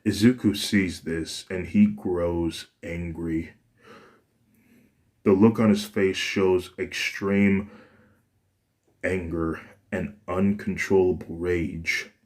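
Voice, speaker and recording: A man's voice: deep voice, steady tone, slow pace, long pauses, darkish tone. A man narrating a fan fiction story in a plain, unpolished reading with frequent restarts.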